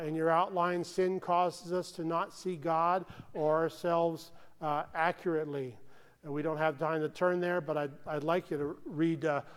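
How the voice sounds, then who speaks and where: An American pastor preaches earnestly and conversationally in a smooth voice set a little high for a man. He checks in often with the congregation and sinks to near-hushed tones on solemn points, with a long reverb from a large hall.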